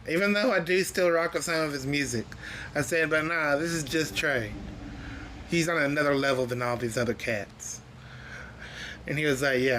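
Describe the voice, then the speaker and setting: This is a man hosting a music reaction video. His voice sits a little on the high side for a man. He talks in a casual, excited and earnest way, chatty and full of stories. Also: slight background noise. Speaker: music reaction channel host.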